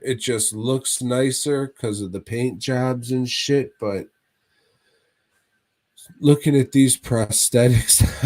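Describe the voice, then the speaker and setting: A man's voice: mid-range voice, darkish tone. A man co-hosting a casual movie review podcast, retelling plots in a rambling, profane way. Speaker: podcast co-host.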